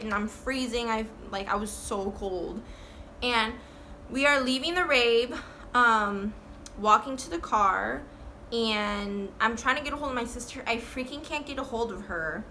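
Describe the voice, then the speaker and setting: A woman's voice: a little high, sharp tone, slight background noise. A young woman telling a storytime in a casual, rambling, profane way, full of "like". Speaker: vlogger.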